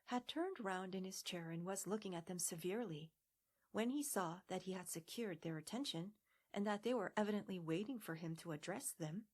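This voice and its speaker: A woman narrating a classic storybook in a gentle, hushed audiobook voice. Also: on the low side, husky. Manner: gentle, hushed, half-whispered.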